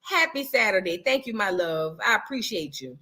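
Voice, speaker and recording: A woman's voice: medium pitch, big pitch swings, moderate pace, bright, forceful tone. A woman hosting a casual livestream, chatty and sassy, reading out super chats and thanking viewers. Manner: chatty, sassy, calls viewers girl and boo. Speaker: livestream commentary host.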